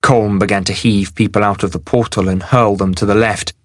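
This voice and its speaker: A man narrating a fantasy novel in a steady, measured audiobook reading. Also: on the low side, no echo, clean studio sound.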